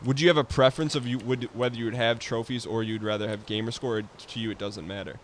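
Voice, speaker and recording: A man hosting a let's play, chatting casually in a relaxed, rambling way and laughing easily. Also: mid-range voice, fast, slight background noise. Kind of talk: casual gaming chat.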